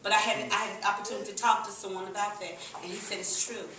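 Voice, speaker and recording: A middle-aged woman giving a lively, laughing, folksy testimonial to a live audience at a business meeting. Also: mid-range voice, rapid-fire, a little hiss or hum. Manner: lively, laughing, folksy, addresses crowd as "y'all". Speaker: sales presenter at a business meeting. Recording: echoey room, recorded from a distance.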